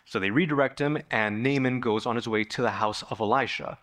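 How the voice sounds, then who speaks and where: Animated male preacher telling a Bible story. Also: fairly quick. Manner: animated storytelling, acting out the figures with sudden raised pitch. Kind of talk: sermon. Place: church sanctuary.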